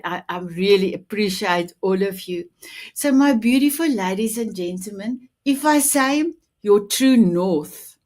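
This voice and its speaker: A woman in her fifties with a non-native English accent, hosting a talk show with effusive, direct warmth toward her audience. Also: mid-range voice. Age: 50s. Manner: effusive, addresses audience directly, leads breathing exercise. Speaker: show host. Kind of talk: enthusiastic talk show opening.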